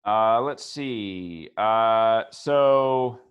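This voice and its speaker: A man narrating as game master, relaxed, thinking aloud with lots of ums and uhs. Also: on the low side, drawn-out words, smooth.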